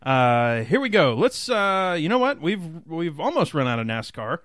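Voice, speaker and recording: A man's voice: a little high, very animated, normal speed, fairly bright tone, dry recording, clean studio sound. A man co-hosting a racing podcast, chatty and upbeat, laughing often. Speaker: podcast co-host. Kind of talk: casual chat.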